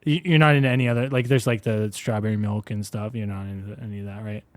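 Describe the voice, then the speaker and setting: A man's voice: lowish voice, fairly even intonation, fast, no room sound. A young man in his twenties co-hosting a podcast, chatting casually with playful, joking banter. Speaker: podcast co-host. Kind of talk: casual chat.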